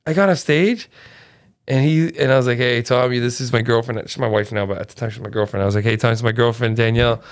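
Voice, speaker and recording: A man's voice: medium pitch, quick pace. A man who is a stand-up comedian, chatting casually in a laid-back way, swearing often and calling people "man" and "dude". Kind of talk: casual podcast chat.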